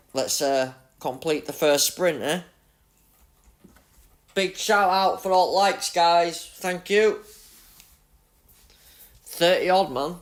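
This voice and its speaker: A man with a Yorkshire accent giving chatty, excitable live commentary on his racing game while talking to his chat. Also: fairly high pitch. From Leeds, Yorkshire, England. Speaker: gaming streamer.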